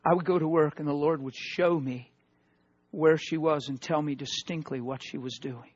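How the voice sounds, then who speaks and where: Male preacher, husky and a touch high, emotional testimony style, loud to hushed; muffled recording. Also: steady tone, moderate pace. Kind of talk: testimony sermon.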